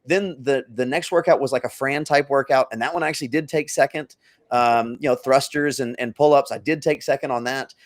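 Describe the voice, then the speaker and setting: A man's voice: medium pitch, fairly quick. A man co-hosting a podcast, telling a long story in a rambling, self-interrupting casual chat. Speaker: podcast co-host.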